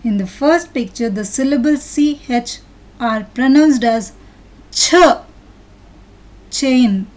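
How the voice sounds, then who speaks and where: A woman teaching an English lesson to children, sounding out each word clearly and patiently. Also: on the high side, a little slow, darkish tone. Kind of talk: slow, deliberate classroom lesson for children.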